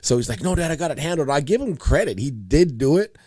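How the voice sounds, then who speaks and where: A man in a casual podcast chat, telling stories with a lot of life, his pitch riding up and down as he slips into the voices of the people in them. His voice sits a little higher than most men's. He is recorded close and dry, with no room sound. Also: fast talker, husky, dry recording. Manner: animated storyteller, acts out quoted dialogue. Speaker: guest coach.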